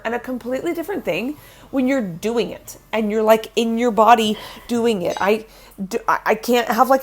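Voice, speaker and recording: A woman in her forties chatting casually in a fitness vlog, rambling and laughing at herself, her voice congested from a cold. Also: mid-range voice. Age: 40s. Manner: rambling, self-deprecating, laughs often. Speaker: fitness vlogger.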